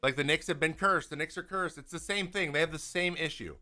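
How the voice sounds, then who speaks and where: Over soft background music, a man with a slightly high, brisk voice runs a laid-back live chat. He rambles through viewer questions with frequent restarts and becomes animated whenever he vents.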